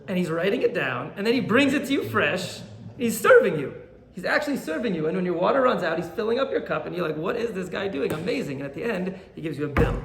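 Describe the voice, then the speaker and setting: Rabbi guy giving a torah class, animated storyteller, kinda high with some fry, faint room noise. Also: reverberant. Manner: animated storyteller, acts out quoted characters.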